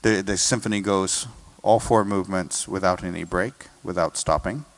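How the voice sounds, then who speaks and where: An American man with a low, deep voice talks through a symphony as a guest conductor. He breaks into sung and hummed bits of melody to illustrate what listeners will hear. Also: steady tone, normal speed. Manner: sings and hums melodies to illustrate points. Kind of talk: explaining music in an interview.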